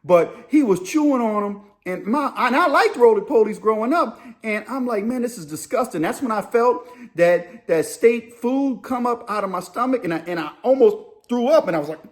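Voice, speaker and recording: A man telling a story in a loose, animated way, sometimes acting out other people's voices. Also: high-pitched, moderate pace. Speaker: storyteller host. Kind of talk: casual spoken storytelling.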